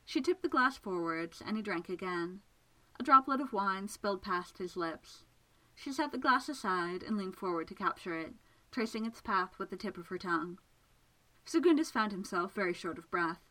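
A woman narrating a romantic story aloud in a measured, smooth reading voice. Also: medium pitch, expressive, sharp tone, rough recording.

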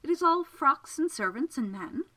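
Casting note: woman reading an amused, self-assured enchantress, teasing and playful, with a lively pitch. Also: normal speed. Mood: wry. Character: playful, confident female enchantress magician. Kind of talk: audiobook character reading.

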